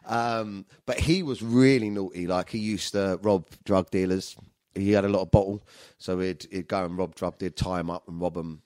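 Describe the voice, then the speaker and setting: A man, telling rough stories in casual chat, swearing often and laughing as he goes. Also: deep voice, fairly even intonation, moderate pace, a little mellow, dry recording, clean studio sound.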